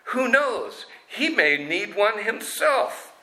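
A man's voice: very animated, slow, pushed and bright, exaggerated voice. A man voicing a poor crippled young boy who speaks with innocent, eager assurance. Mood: earnest. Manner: high, eager and earnest.

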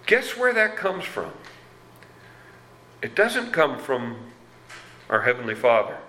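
A man preaching a sermon as pastor, slow and deliberate, reading scripture with dramatic emphasis. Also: mid-range voice, animated, pushed and bright. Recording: roomy echo.

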